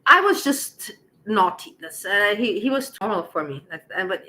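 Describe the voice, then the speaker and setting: A woman casually telling a personal story to her viewers, animated and laughing as she acts out the dialogue. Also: mid-range voice, normal speed, poor audio.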